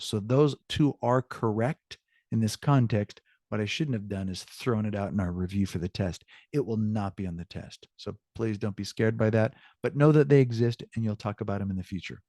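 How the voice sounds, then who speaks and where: A man's voice: on the low side, moderate pace, dark tone, no echo, clean studio sound. A man teaching a Spanish class to students, encouraging them and correcting himself as he goes. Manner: upbeat, encouraging, self-correcting. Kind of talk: online class lesson.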